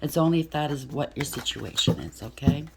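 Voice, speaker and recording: Low-voiced woman tarot reader, chatty, blunt, thinks aloud. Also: lively intonation, fairly quick, heavy background noise. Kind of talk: casual tarot reading to camera.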